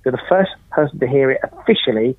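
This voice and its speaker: A man's voice: medium pitch, animated, fast talker, breathy edge, no room sound. Man over a tinny phone line. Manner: emphatic, theatrical, rhetorical. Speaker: podcast guest. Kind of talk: casual chat.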